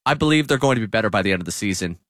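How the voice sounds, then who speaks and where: A man's voice: lowish voice, expressive, very fast, fairly bright tone, no room sound. A man hosting sports talk radio, breaking down the team's start in a studio. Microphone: studio mic.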